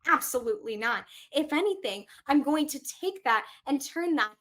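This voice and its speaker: A woman's voice: sits high, expressive, measured pace, a bit bright. A young woman hosting her own podcast, talking casually and emphatically to listeners, laughing often. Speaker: podcast host. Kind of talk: casual solo podcast talk.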